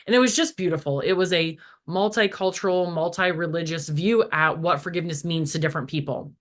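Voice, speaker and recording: Middle-aged female guest, relaxed spiritual talk, lively storyteller. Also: on the low side. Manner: animated storytelling, acts out voices in quotes; frequent "like" fillers. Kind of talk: casual spiritual chat.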